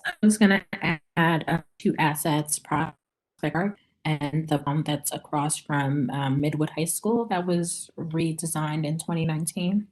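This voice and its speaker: A woman's voice: low voice, unhurried, a little mellow, rough recording. A woman briefly adding a point in an online community meeting. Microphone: video call.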